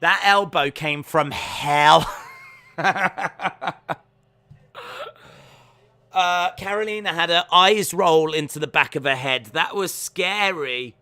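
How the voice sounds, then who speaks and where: A man hosting a live watch-along stream, reacting to fights with excited shouts and exclamations. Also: fairly high pitch, slow pace, long pauses, smooth.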